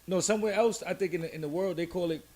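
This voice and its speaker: A man's voice: sits high, rapid-fire, a little mellow. A man hosting a casual podcast chat, loose and joking, with stammered restarts. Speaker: podcast host.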